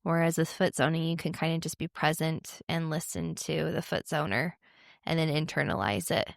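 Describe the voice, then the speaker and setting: A woman hosting a podcast interview, supportive and chatty, giving lots of soft murmurs of agreement. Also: low-pitched, normal speed, vocal fry, no room sound, studio quality. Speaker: podcast host. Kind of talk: casual interview chat.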